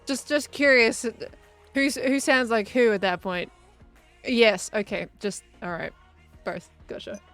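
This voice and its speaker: A woman's voice: a little high, measured pace, a bit bright, soft background music. A woman streaming a building game, chatting casually and reading out chat messages as she plays. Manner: chatty, reads out chat messages and muses aloud while building. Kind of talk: casual live-stream chat while gaming.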